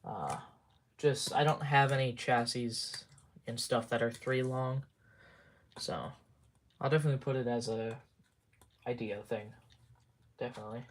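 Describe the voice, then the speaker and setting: Guy rambling on his stream, slow and halting, humming to himself, lots of so yeah. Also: mid-range voice, steady tone, slight background noise. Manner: muttering to himself between hums. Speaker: livestreamer. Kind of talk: casual live-stream chat.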